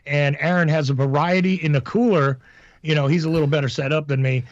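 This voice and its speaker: A man with a fairly high voice cracks jokes and rambles through a casual call-in chat from his house. His voice is dry and close, with no room around it, and comes over a dull, lo-fi remote line. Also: steady tone, brisk, no room sound. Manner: joking, rambling, teasing. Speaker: co-host, timekeeper. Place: home.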